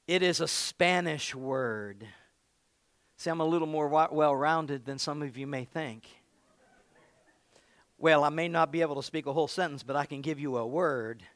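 A man preaching a sermon, dramatic and playful with the congregation, with sudden loud shouted bursts. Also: fairly high pitch, no room sound, clean studio sound.

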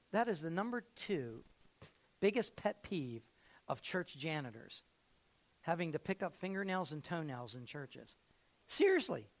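A man with a high-sitting voice preaches a sermon as a pastor, telling stories and repeating phrases while swinging between loud and hushed.

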